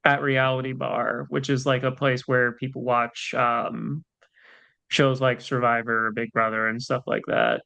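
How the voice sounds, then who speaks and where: Gravelly, smooth-voiced man chatting. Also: medium pitch, little pitch movement, measured pace, sharp tone. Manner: rambling, heavy on fillers. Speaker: podcast co-host. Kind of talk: casual chat.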